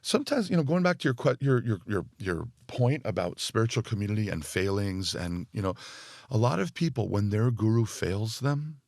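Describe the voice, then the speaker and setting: A man speaking as a podcast guest and spiritual teacher, thoughtful and full of fillers, growing more animated as he explains. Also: lowish voice, normal speed, dry recording, studio quality. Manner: thoughtful, speaks in loose phrases with many fillers. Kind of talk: reflective podcast conversation.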